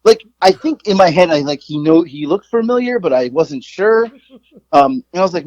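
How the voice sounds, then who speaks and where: A man's voice: on the high side, lively intonation, normal speed, darkish tone, muffled recording. A man in his forties, a podcast co-host, telling a rambling, profane, self-mocking story in casual chat.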